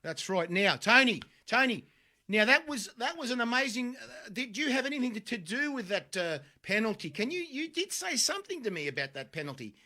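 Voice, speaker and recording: A man co-hosting a live show, joking loudly and teasing his guest. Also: extremely high pitch, big pitch swings, brisk. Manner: boisterous, joking, laughs often. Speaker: co-host. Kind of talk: casual live show banter.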